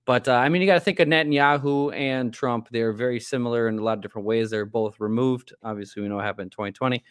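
A man co-hosts a casual political podcast, talking fast with a medium-pitched, clean voice. The dry recording has clean studio sound, and he rambles with many fillers and restarts.

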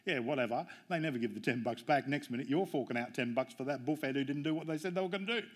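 Mixing humor and family anecdotes, this man gives a sermon as pastor and drives his points home with emphatic rises. His voice is mid-range and his delivery fast.

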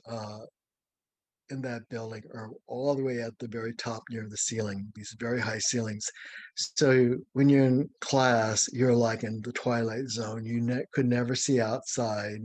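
A man's voice: mid-range voice, a little slow, no room sound. Older man, dry close voice, telling stories. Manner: lively, dramatic storyteller. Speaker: interview guest, former ballet dancer. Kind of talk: anecdotal storytelling.

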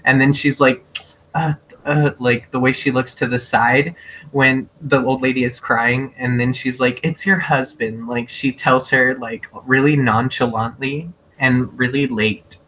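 A man co-hosting a podcast, recapping scenes in a lively way and laughing often. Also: mid-range voice, unhurried, slight background noise, rough recording. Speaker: podcast co-host. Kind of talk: casual chat.

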